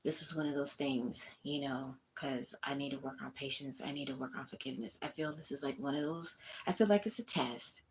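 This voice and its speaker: Talking fairly quickly in a rumbling low voice with hardly any pauses, a livestream host vents candidly to her chat. She's in a small room at home, and there's slight background noise.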